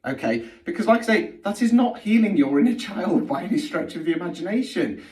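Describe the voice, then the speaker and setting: A man's voice: high voice, big pitch swings, a little fast, darkish tone, recorded from a distance. A middle-aged man, giving a blunt, sweary spiritual healing talk that he keeps punctuating with "okay?". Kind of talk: blunt direct-to-camera monologue. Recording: roomy sound from off the mic.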